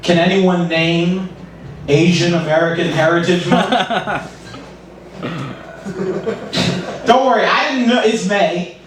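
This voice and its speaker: Slow high-voiced comic in an echoey club. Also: male voice, background noise. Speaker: open mic comedian. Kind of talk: stand-up comedy set. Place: small comedy club stage. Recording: echoey room, far from mic.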